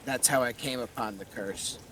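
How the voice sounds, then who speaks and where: A man's voice: mid-range voice, moderate pace, sharp tone, slight background noise, lightly acted. A man voicing the spirit of a dead werewolf speaking through its skull, coarse, swearing and pained.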